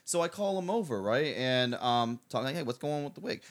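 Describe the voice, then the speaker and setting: A man's voice: mid-range voice, expressive, fairly quick. A man, a father, hosting a casual podcast chat and telling a rambling story. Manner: rambling storytelling with restarts and laughs. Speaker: podcast host.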